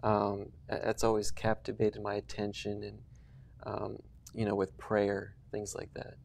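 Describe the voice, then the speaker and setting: A man speaking as an interview guest in a soft-spoken, hesitant way. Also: on the low side, monotone, unhurried, creaky.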